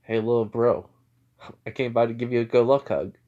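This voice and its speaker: A man's voice: mid-range voice, steady tone, normal speed, narrow, tinny audio, close to an everyday voice. A man voicing a laid-back, teasing older brother, a villain who watches out for his younger brother.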